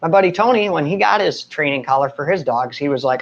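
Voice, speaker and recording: A man's voice: a little high, animated, fast talker, vocal fry, lo-fi sound. A man hosting a casual live stream, talking to his viewers in a nervous, joking way and laughing often. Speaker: live video host and recovery speaker.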